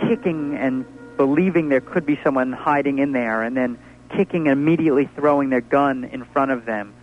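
Male witness, measured testimony, muffled recording with music behind. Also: a little high. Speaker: witness recounting a police raid. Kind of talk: spoken testimony.

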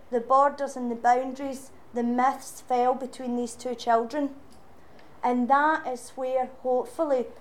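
A woman's voice: on the high side, darkish tone. A Scottish woman giving an impassioned public speech, rousing and sarcastic by turns. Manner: rousing, sarcastic rhetorical speaking. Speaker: political speaker.

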